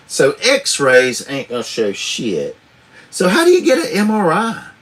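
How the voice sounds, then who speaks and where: A man's voice: fairly high pitch, wildly swooping pitch, slow, a bit bright, breathy edge. A man, a truck driver chatting casually and rambling on a live stream, swearing freely, chuckling often, recorded on a tablet camera.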